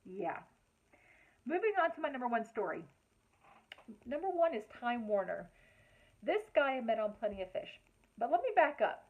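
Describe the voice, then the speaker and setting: A woman telling a personal story in a casual, chatty vlog, with lots of fillers and an animated way of retelling conversations. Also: on the high side, normal speed, pauses often, phone-quality sound. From Lexington, Kentucky. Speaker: vlogger.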